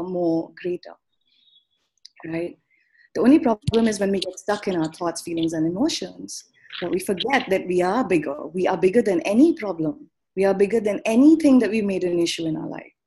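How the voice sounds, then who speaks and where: A woman giving an earnest, animated motivational talk as a guest speaker on a call. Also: mid-range voice, breathy edge.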